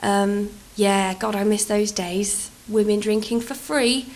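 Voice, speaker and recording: A woman's voice: medium pitch, steady tone, takes it slowly, low-quality recording. A British woman in her thirties telling rambling, self-deprecating stories in a casual game-build vlog. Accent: British English. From England. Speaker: vlogger.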